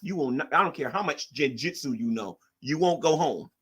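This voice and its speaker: A man's voice: a little high, expressive, moderate pace, slightly rough. A man hosting a casual livestream, rambling and repeating himself as he reacts to chat. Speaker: livestream host.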